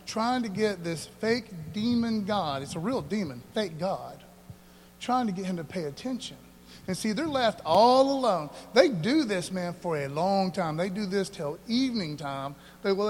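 A man preaching a casual, animated sermon, often dropping "man" into his sentences. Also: high voice, big-room sound. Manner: casual and animated, says "man" a lot, preaches with bursts of energy.

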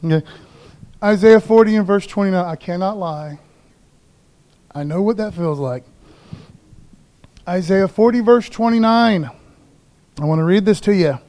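A man's voice: high-pitched, measured pace, pauses often, warm tone. A man preaching a casual, folksy sermon in a church, talking informally to the congregation with jokes and lots of "man" and "you know.". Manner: jokey asides to the congregation. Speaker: pastor. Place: church sanctuary.

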